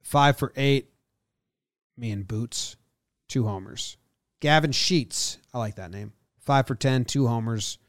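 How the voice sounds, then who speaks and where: A man's voice: mid-range voice, takes it slowly, pauses often, no echo. Jokey man rattling off baseball stats, dry sound. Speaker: podcast co-host. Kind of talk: casual sports chat.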